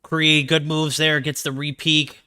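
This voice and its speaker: A man casting a mobile esports match live, hyped and slangy, shouting player names at big plays. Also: fairly high pitch, little pitch movement, measured pace, clear, resonant tone, faint music behind. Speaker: esports caster. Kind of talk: live play-by-play commentary.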